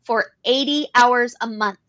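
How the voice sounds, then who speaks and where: A woman's voice: a little high, unhurried, fairly bright tone. A woman co-hosting an advocacy talk show, explaining policy earnestly and repeating phrases as she works through points. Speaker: podcast co-host. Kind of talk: advocacy discussion.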